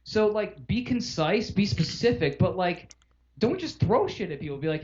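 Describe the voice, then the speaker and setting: A podcast co-host rants in a casual, profane and exasperated way, acting out phone calls as he goes. His voice is high-pitched and darkish, swinging widely in pitch at normal speed. The audio is dull and lo-fi.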